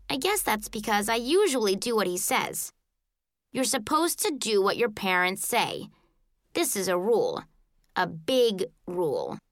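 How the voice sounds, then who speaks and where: A woman narrating a children's book in the first person, telling it in an expressive, childlike way. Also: mid-range voice, no room sound, clean studio sound. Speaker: audiobook narrator.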